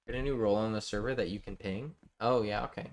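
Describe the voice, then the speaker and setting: A man's voice: fairly low pitch, steady tone, quick pace, a little hiss or hum. A man chatting casually with his viewers while live-streaming a building game, reading out chat and joking. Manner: chatty, reads chat aloud, jokey.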